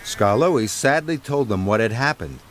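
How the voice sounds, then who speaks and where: A man's voice: mid-range voice, expressive, moderate pace, slight background noise. Man reading a children's story expressively. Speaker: narrator. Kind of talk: storybook narration. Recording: narration over background music.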